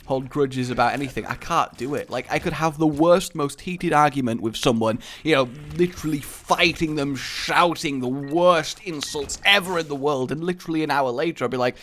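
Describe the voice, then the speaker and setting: A man's voice: on the high side, lively intonation, brisk, hardly any pauses, fairly bright tone. A man hosting a gaming video, rambling through jokey, casual commentary while he plays and swearing freely.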